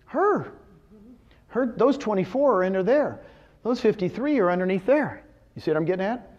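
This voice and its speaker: Animated man giving a motivational seminar. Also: sits high, normal speed, lo-fi sound. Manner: animated, asks the audience questions and answers them himself. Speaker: presenter at a real estate seminar.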